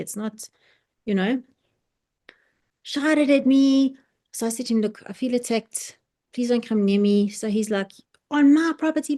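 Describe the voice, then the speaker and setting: A woman in an online sharing circle, telling a personal story in casual, animated speech, acting out quoted dialogue and restarting her sentences often. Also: medium pitch. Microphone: video call.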